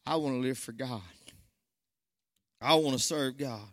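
A nervous man gives a church testimony in a mid-range voice, speaking a little slowly in Southern country speech before swelling into fervent, shouted preaching. The sanctuary gives the recording a long hall reverb.

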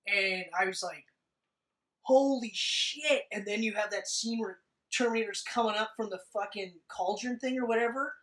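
A man in casual chat about a movie, talking excitedly and swearing a lot. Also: sits high, a little fast, recorded from a distance, poor audio. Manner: excited, profane, swears often.

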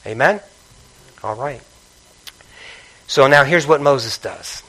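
A man preaching a sermon with passion, dropping to a hush and then rising to call out to the congregation. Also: medium pitch, animated, takes it slowly, low-quality recording. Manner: passionate, swings between hushed and loud, calls out to congregation.

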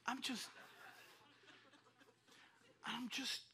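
A middle-aged English man, a pastor, preaching a sermon with emotional, animated storytelling to his congregation. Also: extremely high pitch, very slow.

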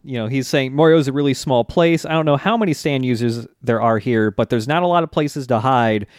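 A man's voice: medium pitch, fairly quick, no room sound. Man recapping an episode, dry close sound. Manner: relaxed, many fillers, laughs often. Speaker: podcast co-host. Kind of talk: casual chat recapping an anime.

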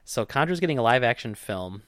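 Very animated and a little fast, this man's medium-pitched, slightly bright voice comes through a dry, clean studio recording. As a podcast co-host, he rambles through casual chat, joking and using lots of fillers.

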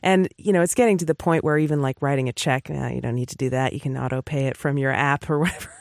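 A woman's voice: very deep voice, steady tone, fast talker, creaky, darkish tone, no room sound. A woman co-hosting a podcast, chatting casually and laughing often. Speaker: podcast co-host. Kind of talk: casual chat.

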